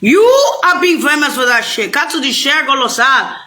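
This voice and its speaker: A woman's voice: high voice, expressive, normal speed, sharp tone. A woman delivering an angry, profane, rambling rant straight to the listener. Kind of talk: unscripted rant to camera.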